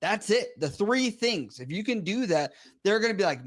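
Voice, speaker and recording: A man co-hosts a reaction show and gives measured, practical advice in casual commentary. His voice is a bit high for a man, and his delivery is steady and explanatory. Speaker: co-host.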